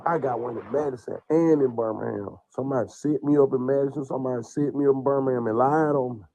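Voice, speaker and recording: A man's voice: medium pitch, quick pace, mellow, no echo. A man, crying and rambling in an emotional, profane livestream rant. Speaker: man under investigation speaking on a livestream.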